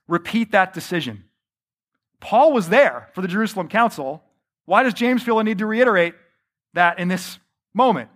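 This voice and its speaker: A man's voice: high-pitched, fairly bright tone. A male pastor preaching a sermon in an earnest, conversational way, posing rhetorical questions to the congregation.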